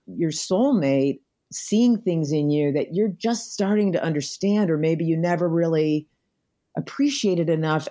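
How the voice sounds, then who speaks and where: A middle-aged American woman in an interview, telling personal stories in a reflective, earnest way. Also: deep voice. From United States. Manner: reflective storytelling, warm and earnest. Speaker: podcast guest. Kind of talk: conversational interview.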